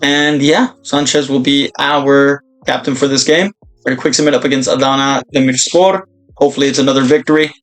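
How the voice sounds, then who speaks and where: A young man commentating his own football video game career, breaking into excited shouts at big moments. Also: mid-range voice, brisk. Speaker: gaming YouTuber.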